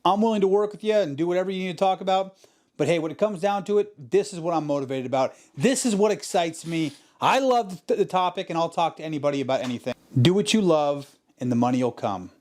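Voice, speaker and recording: A man's voice: on the high side, lively intonation, quick pace, a little mellow. A man hosting his own podcast, giving an emphatic, profane motivational talk that keeps repeating its points. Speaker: podcast host. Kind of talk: motivational monologue.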